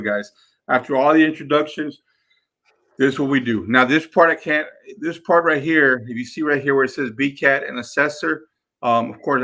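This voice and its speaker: Drilling points into his crew through repetition, a man coaches his team in a live session as a real estate investor. His voice is medium-pitched with a sharp tone.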